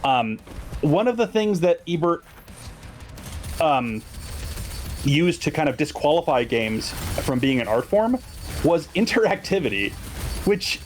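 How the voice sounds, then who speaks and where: A man's voice: a little high, big pitch swings, unhurried, pauses often, a little hiss or hum. A man co-hosting a casual gaming podcast, talking in a hesitant way with many restarts. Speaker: podcast co-host. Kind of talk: casual chat on a stream.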